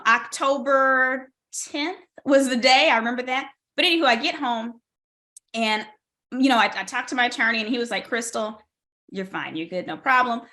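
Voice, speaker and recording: A woman guest on a podcast interview telling a personal story with lively, animated delivery and acted-out dialogue. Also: sits high. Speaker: guest, tech strategist and keynote speaker.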